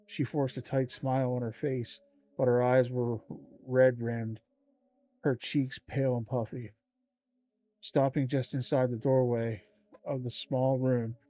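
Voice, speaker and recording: A man hosting a livestream, reading a children's horror book aloud with small stumbles along the way. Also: medium pitch. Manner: steady read-aloud with small stumbles and slangy asides. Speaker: livestream host. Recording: dull lo-fi stream audio.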